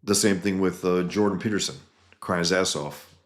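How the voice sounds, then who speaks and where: A man's voice: low-pitched, fairly even intonation, normal speed. A man giving blunt, profane, heated commentary in a casual style and reading online comments aloud.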